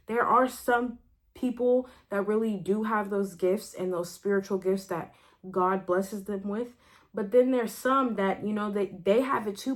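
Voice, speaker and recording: A young adult woman ranting casually to camera in a vlog, rambling with many fillers and restarts, laughing between phrases. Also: mid-range voice. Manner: animated, rambling, many "like" fillers and self-interruptions. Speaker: vlogger.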